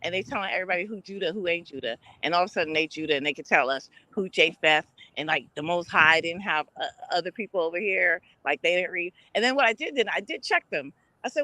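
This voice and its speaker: A woman hosts a casual live stream. Her voice is bright and forward, recorded close and dry. She tells stories with animation, acting out the voices of the people she quotes. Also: lowish voice, animated, fast, dry recording, low-quality recording. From Brooklyn, New York. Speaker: host.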